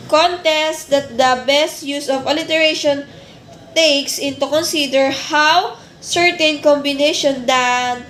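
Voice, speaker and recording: A woman teacher giving a classroom lesson, explaining step by step in a deliberate way and restarting words as she goes. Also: high-pitched, fairly bright tone, a little hiss or hum. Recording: echoey room with faint ambience.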